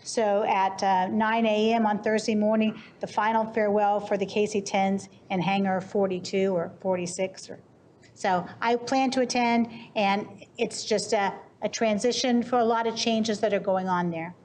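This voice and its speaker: A woman on a city council, giving her comments at a meeting in a plain, slightly halting way, speaking into a desk microphone in a council chamber. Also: medium pitch, fairly even intonation, darkish tone, a little hiss or hum.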